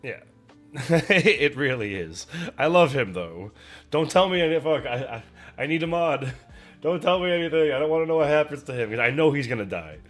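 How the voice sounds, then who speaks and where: A man's voice: on the high side, lively intonation, normal speed, fairly bright tone. A young adult man streaming from home, chatting casually while he paints, in a rambling, self-deprecating way. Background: faint music.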